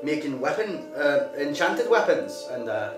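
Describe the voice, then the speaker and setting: A man's voice: fairly high pitch, big pitch swings, a little slow. A man putting on a bitter, ranting blacksmith. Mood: grumbling. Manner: grumbling, ranting. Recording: roomy recording from a distance with music.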